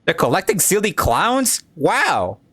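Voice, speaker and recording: A frantic conspiracy nut, shrieks his warnings in a very high, cartoonish voice. He drags his words out slowly and seems wild with panic. The sound is dry and close. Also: huge pitch swings, fairly bright tone, breathy edge, no echo, heavily acted. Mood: frantic paranoid. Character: paranoid conspiracy forum user, shrill adult man.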